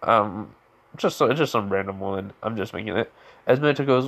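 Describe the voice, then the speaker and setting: A man's voice: on the low side, normal speed, vocal fry, fairly bright tone. A man casually retelling a fan story in a loose, rambling way, full of fillers and restarts, briefly lifting his voice to quote characters.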